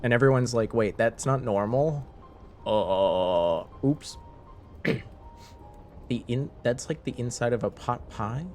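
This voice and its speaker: A man's voice: mid-range voice, takes it slowly, a little mellow, soft background music. A man chatting casually with viewers on a live stream, rambling, laughing and restarting his sentences.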